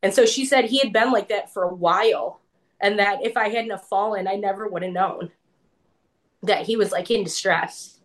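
A woman's voice: medium pitch, normal speed. A woman telling a personal story as an interview guest, chatty and casual, filling her speech with "like" and acting out what others said to her.

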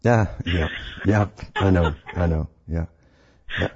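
A very deep, gravelly male radio host rants in an indignant, rambling way, stumbling over repeated words. His husky, mellow voice comes through a dull, lo-fi radio recording. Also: takes it slowly. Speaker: radio talk show host. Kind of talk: call-in radio commentary.

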